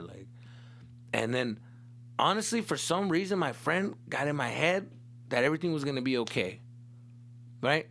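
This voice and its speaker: A man's voice: mid-range voice, animated, moderate pace, creaky, pauses often, fairly bright tone. A man from Tucson, Arizona, hosting a podcast and telling a comic story in a casual, swearing, slangy way with Spanish mixed in. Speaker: comedian host.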